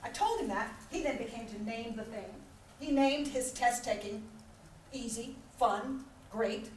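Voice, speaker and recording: Middle-aged female keynote speaker, animated storyteller who acts out voices, high pitch, echoey distant hall sound. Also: moderate pace, slight background noise. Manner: animated storytelling, acting out voices and laughing often. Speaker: conference speaker. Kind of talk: motivational keynote talk. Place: large conference hall. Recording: echoey hall recorded from far off.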